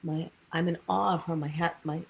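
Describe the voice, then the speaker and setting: A woman guest on a podcast, telling her story in a lively way and acting out the dialogue she quotes. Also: sits low, brisk, creaky, highs cut off. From United States. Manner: animated, acts out quoted dialogue. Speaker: fitness program founder, guest.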